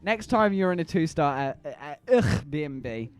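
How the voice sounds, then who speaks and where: A man streaming live, telling his chat a story in a bright, high voice that leaps up and down. He laughs easily and teases his viewers. Faint music plays behind him. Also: normal speed. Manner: animated, laughing, teasing the chat.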